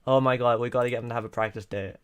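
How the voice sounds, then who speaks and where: A man's voice: medium pitch, fairly even intonation, racing, fairly bright tone, clean tone. A young man on a live stream, reading an AI-written story aloud in a playful, giggly, melodramatic way.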